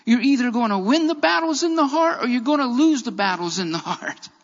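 Male preacher, very high voice, emphatic, repeats key phrases, sermon, dull lo-fi sound. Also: lively intonation, a little fast, big-room sound.

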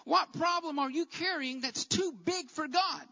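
A man preaching a sermon as a Bible teacher, with an emphatic, repetitive cadence that rises to shouts. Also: very high voice, unhurried, in a large hall, muffled recording.

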